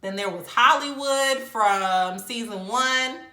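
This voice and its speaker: Bright chatty young woman reviewer. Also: on the high side, slow, faint music behind. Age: young adult. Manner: chatty, animated, quotes people in mock voices. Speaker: reality show reviewer. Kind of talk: casual commentary. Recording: echoey room.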